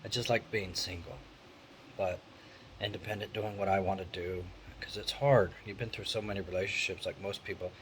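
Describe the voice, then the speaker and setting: A middle-aged man talks to his camera in a loose, rambling way, candid and conversational. His voice sits fairly low. A faint steady hum from a fan in the room runs behind him. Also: normal speed, poor audio. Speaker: vlogger. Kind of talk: casual vlog monologue. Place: indoor room with an electric fan.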